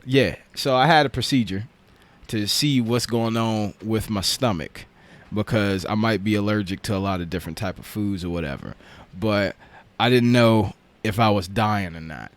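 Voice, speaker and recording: A man co-hosting a casual podcast chat, telling stories in an animated way and jumping up in pitch when excited. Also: normal speed. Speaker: podcast co-host.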